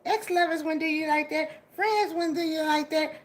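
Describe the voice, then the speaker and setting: High-voiced woman giving an emotional pep talk. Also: normal speed. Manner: animated, laughing often, swearing, hyped. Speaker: vlogger. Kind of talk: emotional motivational monologue.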